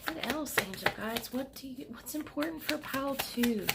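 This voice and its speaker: A middle-aged woman giving a pick-a-card tarot reading at her desk at home, speaking gently and emotionally, with soothing pauses. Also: sits high, animated, vocal fry, heavy background noise.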